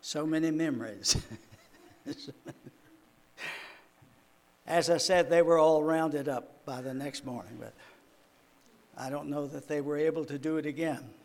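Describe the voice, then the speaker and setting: A man's voice: a little high, normal speed, darkish tone. Folksy older preacher man. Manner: folksy, chuckling, conversational storytelling. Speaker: minister. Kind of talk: sermon with personal stories.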